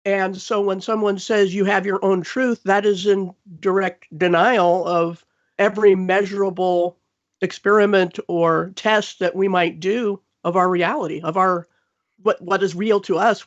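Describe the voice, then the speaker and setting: A woman's voice: fairly low pitch, muffled recording. A woman speaking as a guest on a live online panel, making an earnest argument.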